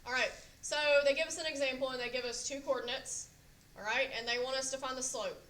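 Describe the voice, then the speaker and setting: A woman's voice: high voice, fairly even intonation, fast talker, pushed and bright. A woman teaching a classroom math lesson, quizzing students and checking in with "okay?" again and again. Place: echoey classroom. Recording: echoey classroom, faint noise.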